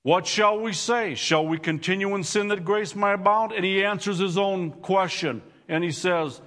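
A man preaching a sermon to his congregation, reading scripture and explaining it with slow, deliberate emphasis. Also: sits high, fairly bright tone. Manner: addresses congregation directly. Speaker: pastor.

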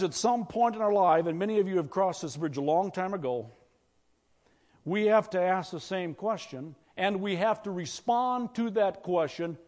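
A pastor delivers a sermon in a relaxed, conversational way, pausing to ask his listeners questions. His voice sits high for a man. The sound carries the long reverb of a large church hall. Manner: conversational preaching, asks the congregation questions.

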